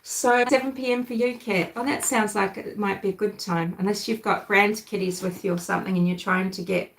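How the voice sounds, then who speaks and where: A woman from New Zealand with a softened New Zealand accent, hosting a casual true-crime livestream and chatting with viewers. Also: mid-range voice, steady tone, brisk, reverberant, rough recording. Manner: chatty, thinks aloud, answers live chat. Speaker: livestream host.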